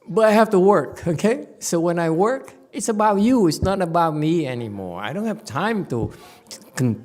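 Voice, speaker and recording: A man giving a Chan Dharma talk as a Buddhist meditation teacher, animated and teasing, laughing often. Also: medium pitch.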